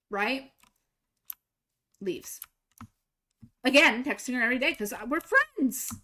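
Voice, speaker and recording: Young woman, streamer, bright voice, casual storytelling, animated quoted lines. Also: on the high side, a little slow, pauses often. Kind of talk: casual storytelling while gaming.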